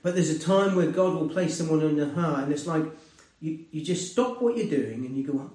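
Man preaching, earnest testimony, slightly high voice, sits back from the mic. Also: normal speed, hardly any pauses. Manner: earnest, conversational, swinging between loud emphasis and hushed lows. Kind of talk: sermon with personal testimony. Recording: roomy, distant mic.

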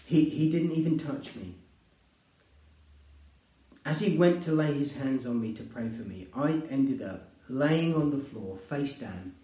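A man preaching a sermon and sharing a personal testimony, earnest and conversational, rising to loud emphasis and dropping to hushed tones. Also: mid-range voice. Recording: roomy, distant mic.

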